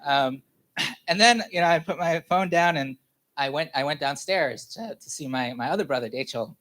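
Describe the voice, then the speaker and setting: A man's voice: on the high side, moderate pace, fairly bright tone. Man telling a candid sermon story. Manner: candid storytelling with many fillers and frequent laughter. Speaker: pastor. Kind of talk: personal testimony in a sermon.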